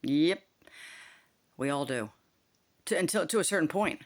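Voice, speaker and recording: A woman's voice: sits low, animated, unhurried. An older woman vents straight to camera in a long, heated monologue. She swears freely and rambles from one grievance to the next. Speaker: vlogger.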